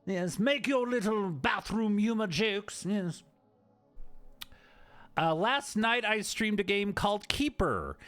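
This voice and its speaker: A man's voice: sits high, expressive, takes it slowly, a bit bright, soft background music. A man streaming a game and chatting playfully, riffing on jokes from his chat.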